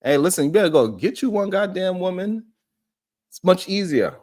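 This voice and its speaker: Animated high-voiced man hosting a live show. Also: normal speed. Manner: animated, preachy, swears often, talks to viewers. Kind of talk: live-stream commentary. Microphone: streaming setup.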